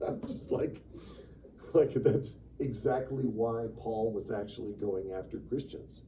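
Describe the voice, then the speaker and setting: A man teaching a church Sunday school class in a lively, conversational way, acting out the quotes he reads. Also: lowish voice, measured pace. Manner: animated, conversational, acts out quotes with sudden loud bursts. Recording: distant, dull room recording with faint noise.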